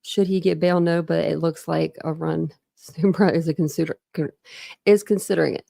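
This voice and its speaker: A woman's voice: low-pitched, fairly even intonation, normal speed, gravelly, mellow, dry recording, clean studio sound. A woman hosting a casual livestream, chatting with viewers, greeting them by name and laughing often. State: a bit out of breath. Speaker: livestream host. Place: small room at home with dogs.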